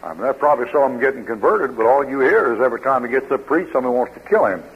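Folksy preacher on old radio. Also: male voice, medium pitch, lively intonation, racing, breathy edge. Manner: folksy storytelling, reading scripture aloud. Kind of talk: sermon. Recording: dull lo-fi old radio broadcast.

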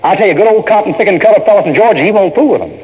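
Male preacher, emphatic folksy sermon delivery; high and lively pitch, muffled lo-fi recording with long reverb. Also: very fast. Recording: dull lo-fi sermon tape in a reverberant hall.

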